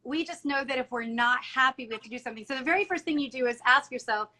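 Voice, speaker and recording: A middle-aged woman, a salon owner appearing as a guest, speaks earnestly and emotionally in a candid interview, often retelling conversations with quoted dialogue and many restarts. Her high-pitched voice is pushed and bright, and she talks fast. The recording is rough.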